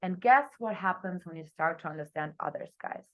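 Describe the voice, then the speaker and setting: A young woman coaching her team on a video call, talking energetically and expressively, her voice swinging between loud and soft. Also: lowish voice, a little fast. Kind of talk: motivational talk on a group video call.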